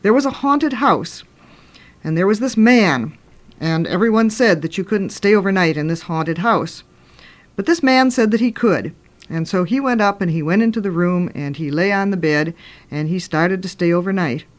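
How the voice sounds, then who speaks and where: An older woman, a radio host and children's author, telling ghost stories in an animated, dramatic way, with sudden loud bursts and hushed turns. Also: on the low side, normal speed. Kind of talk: storytelling on radio.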